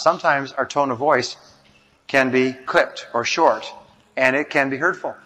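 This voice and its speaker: A man's voice: on the high side, fairly bright tone. Man lecturing in a long reverberant hall. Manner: measured, explanatory. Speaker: motivational speaker. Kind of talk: self-help talk.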